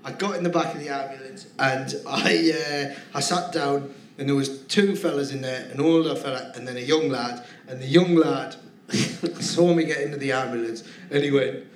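A man's voice: medium pitch, fairly even intonation, normal speed. A male comedian guest telling rambling, giggly anecdotes in a live podcast interview. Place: theatre stage with live audience. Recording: roomy theatre, audience laughter.

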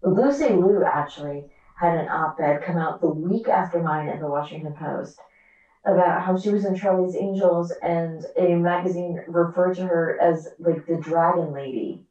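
Woman actor guest, lowish mellow voice, candid and animated, echoey distant dull mic. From America. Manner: animated, quick asides, acts out quoted dialogue. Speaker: actor and author, podcast guest. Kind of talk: candid interview conversation.

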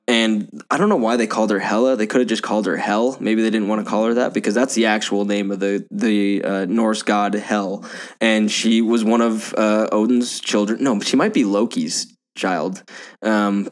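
Casting: low-pitched male podcast co-host, loose rambling chat with frequent laughs. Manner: rambling, laughs often, does goofy voices. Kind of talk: casual movie review chat.

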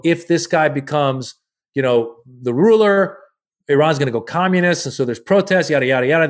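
A slightly high-voiced man tells a story in a relaxed podcast conversation. He is animated and often slips into the voices of the people he quotes. His speech is loose and peppered with swearing. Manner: profane, loose. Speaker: comedian guest.

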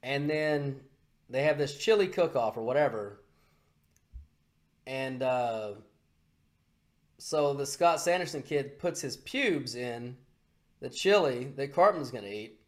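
A man hosting a podcast, telling a story in a rambling, animated way with lots of swearing. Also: mid-range voice, slow, pauses often. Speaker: podcast host. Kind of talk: casual profane chat.

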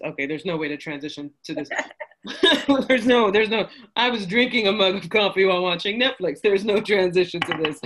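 A woman hosting a podcast in a casual chat, bubbly and quick to laugh, wired from coffee. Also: lowish voice, a bit bright. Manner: bubbly, laughs often, jokey. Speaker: podcast host.

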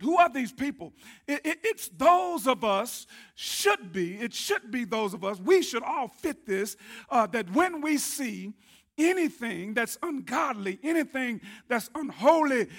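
A man preaching a sermon, his voice not working well, building to shouted emphasis. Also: very high-pitched.

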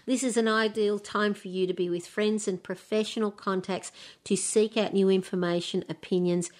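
A woman's voice: medium pitch, fairly even intonation, normal speed. A woman co-hosting a podcast. She gives an upbeat, encouraging forecast, partly read and partly chatted. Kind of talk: podcast segment on astrology.

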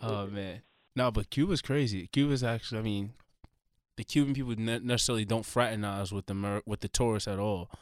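A man's voice: on the low side, fairly even intonation, a little fast, no echo, clean studio sound. A young man casually telling a travel story, loose and profane, often laughing as he talks.

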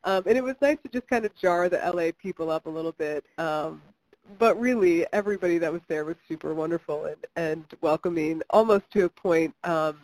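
Low-voiced chatty woman from Kentucky. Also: fairly quick, a little mellow, rough recording. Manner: chatty, many fillers and restarts, laughs often. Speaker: filmmaker guest. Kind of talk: interview conversation.

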